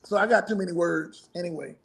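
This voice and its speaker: High-voiced man chatting loosely. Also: fast talker, vocal fry, fairly bright tone. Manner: rambling, profane, laughs often. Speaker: musician guest. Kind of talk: casual interview chat.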